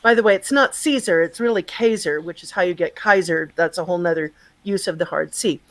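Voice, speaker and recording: A woman's voice: on the low side, quick pace, fairly bright tone, rough recording. A woman guest chatting casually on a video call, explaining things in a digressive, talkative way with lots of fillers. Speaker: guest, magazine and radio presenter. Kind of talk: casual chat, explaining word history.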